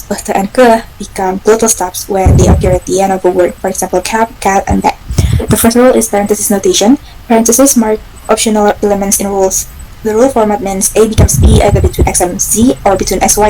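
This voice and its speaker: A young woman student gives a class presentation, explaining rule notation step by step with a few restarts. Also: mid-range voice. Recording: noisy recording with clicks.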